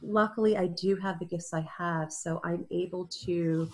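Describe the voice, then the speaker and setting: A woman's voice: fairly low pitch, steady tone, moderate pace, darkish tone, a little hiss or hum. A middle-aged woman, an interview guest, telling an emotional personal story, tearful at times and laughing through it.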